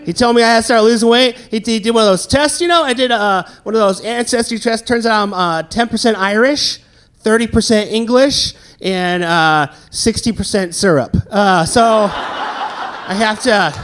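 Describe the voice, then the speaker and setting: A man's voice: sits high, a bit bright, a little hiss or hum. A man in his thirties from the American South doing a self-deprecating stand-up set, chatting with the crowd between jokes. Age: 30s. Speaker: stand-up comedian. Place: comedy venue with live audience. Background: audience laughter.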